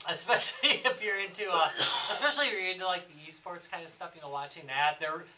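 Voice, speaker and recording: A man's voice: sits high, fast talker, background noise. A man co-hosting a podcast, joking dryly in casual chat. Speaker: podcast co-host. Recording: distant mic with crowd chatter.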